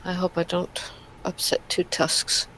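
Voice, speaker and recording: A player in a tabletop game, hesitant and soft-spoken as they choose their moves. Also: medium pitch, completely flat delivery, unhurried, slight background noise, rough recording.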